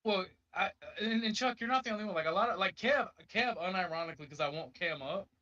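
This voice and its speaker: A man with a Southern US accent talks quickly in a slightly raised voice, stumbling over restarts as he hosts a loose panel chat. The stream audio is dull and lo-fi. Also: sits high, expressive, pushed and bright, far from the mic. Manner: fast, rambling, stumbling restarts. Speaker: panel host. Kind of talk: casual livestream panel chat.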